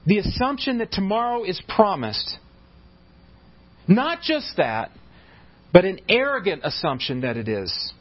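A man's voice: sits high, sing-song, unhurried, pauses often, lo-fi sound. A pastor preaching a sermon, emphatic and often restarting and repeating his words mid-sentence.

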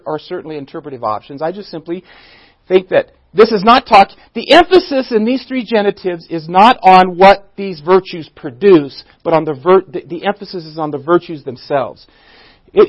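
High-voiced man teaching scripture. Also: dry recording, muffled recording. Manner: questioning the audience, self-restarting, emphatic on key words. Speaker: pastor teaching a Bible study. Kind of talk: conversational Bible teaching. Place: church room.

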